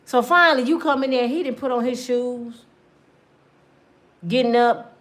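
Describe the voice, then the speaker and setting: Brief: woman host, comedic monologue, voice slightly high, animated, acts out every scene. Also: normal speed, long pauses. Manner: animated, acts out scenes, swings between loud and hushed. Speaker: comedic talk show host.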